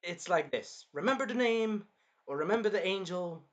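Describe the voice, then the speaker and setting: Excitable man reviewing anime. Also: sits high, moderate pace. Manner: excitable, acts out scenes in bursts, swears freely. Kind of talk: casual review monologue.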